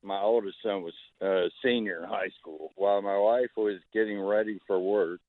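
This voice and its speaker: A man calls in to a radio show on a tinny phone line. His voice is very low and dry, and he tells a family story in a steady, plain way. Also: normal speed, no room sound. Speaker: caller. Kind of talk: telling a story on a radio call-in. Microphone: telephone.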